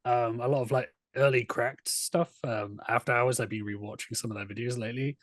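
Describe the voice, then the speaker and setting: A man's voice: medium pitch, steady tone, fairly quick, no room sound. A man co-hosting a movie podcast, talking thoughtfully and hesitantly with many ums. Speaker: podcast co-host. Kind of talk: casual reflective chat.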